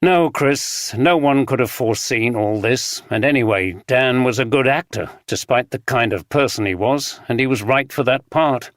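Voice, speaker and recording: A narrator giving voice to a dejected film director in a storybook, earnest and a little bitter. He sits slightly above the reader's normal pitch, in a dry, close recording. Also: moderate pace, few pauses, fairly bright tone, dry recording, natural voice.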